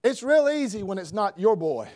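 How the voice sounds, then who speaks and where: High-voiced preacher shouting his sermon. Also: sing-song, moderate pace, no room sound. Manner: builds to shouting emphasis, swings between loud and hushed. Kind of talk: revival sermon.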